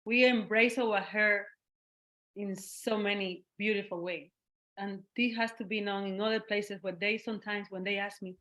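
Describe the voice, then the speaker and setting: This Cuban guest artist has a mid-range voice, a moderate pace and a Cuban Spanish accent. In a casual interview she stays animated, laughing often and dramatizing the voices of people she quotes.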